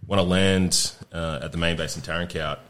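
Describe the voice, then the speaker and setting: A man with a very low, deep voice, chatting casually as a podcast guest. He tells grim stories in a relaxed, profane way and laughs easily through them. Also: normal speed, a little hiss or hum. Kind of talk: casual storytelling chat.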